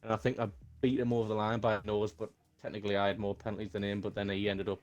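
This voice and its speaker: Quick man recounting his race. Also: fairly low pitch, little pitch movement. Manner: brisk, self-deprecating storytelling. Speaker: sim racing driver being interviewed. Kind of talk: casual post-race chat.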